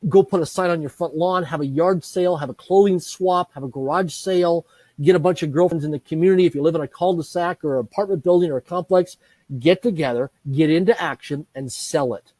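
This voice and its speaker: Middle-aged male business trainer, interview guest, lively storyteller; slightly higher, warm tone, dry close sound. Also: fairly quick, no echo. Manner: energetic, repetitive lists, acts out dialogue.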